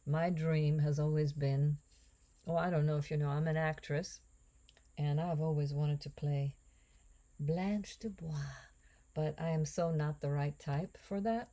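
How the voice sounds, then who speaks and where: A woman chatting casually as she cooks, rambling and musing aloud, with drifting asides and breathy whispered jokes. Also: low-pitched, fairly even intonation, normal speed, warm tone. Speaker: home cook and actress. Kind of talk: casual cooking vlog chat.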